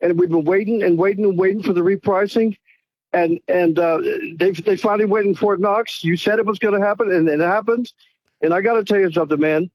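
A man's voice: sits high, brisk, no echo, lo-fi sound. A man calling into a radio show, speaking in an emotional, grateful and rambling way. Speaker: caller. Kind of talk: call-in radio talk.

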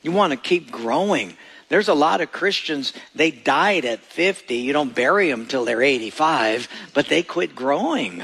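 Gravelly-voiced pastor preaching a sermon. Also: male voice, fairly high pitch, a bit bright. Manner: storytelling, acts out quoted voices.

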